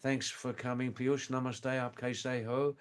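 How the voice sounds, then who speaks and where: A man with an accent sitting between British and Australian English hosts a live stream. He talks slowly and hesitantly, often repeating himself as he answers viewer comments. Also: mid-range voice, little pitch movement, clear, resonant tone. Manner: slow, hesitant, repeats phrases.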